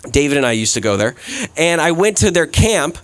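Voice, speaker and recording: A man's voice: on the high side, sing-song, fairly quick, no room sound. A man giving a sermon as a guest preacher, telling stories in a loose, conversational way with lots of "like" and "right?". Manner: conversational storytelling, frequent "like" and "right?". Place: events center, church service.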